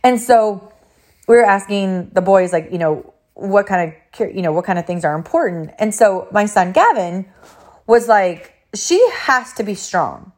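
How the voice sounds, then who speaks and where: A woman's voice: medium pitch, measured pace. Woman coach in her thirties, upbeat motivational storyteller, voice swinging widely up and down. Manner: energetic storytelling, often laughing. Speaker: life coach. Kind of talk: motivational talk to camera.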